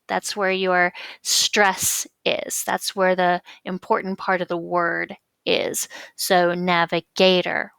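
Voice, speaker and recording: A woman teaches a casual poetry lesson in a mid-range voice, slowing down to stretch out her example words. She talks with patient, chatty fillers. The recording is dry and close, with no room sound. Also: medium pitch, gravelly, fairly bright tone, no echo. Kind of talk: classroom lecture on poetry.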